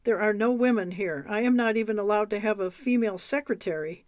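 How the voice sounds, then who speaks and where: A woman's voice: mid-range voice, a little fast, a little mellow, no room sound, studio quality, close to an everyday voice. A woman reading aloud as a flustered, stiffly formal middle-aged man who runs a school.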